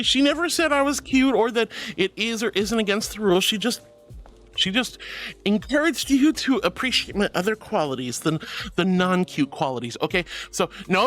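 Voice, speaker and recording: A woman's voice: medium pitch, expressive, normal speed, fairly bright tone. A young woman streamer chatting playfully with her viewers, giggling often, with faint music behind her. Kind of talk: casual live-stream chat.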